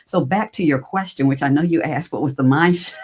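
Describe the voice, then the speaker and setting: A woman's voice: sits low, normal speed, husky. A middle-aged woman, a guest on an interview show, telling her career story in a casual way and acting out her own past conversations. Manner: animated, acts out her own past dialogue. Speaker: podcast guest, recruiting entrepreneur.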